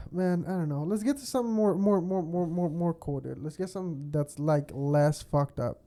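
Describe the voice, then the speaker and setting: A man's voice: on the high side, normal speed, mellow. A young man from California co-hosting a podcast, chatting casually and rambling with frequent swearing. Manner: rambling, swears a lot, laughs often. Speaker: podcast co-host. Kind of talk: casual chat.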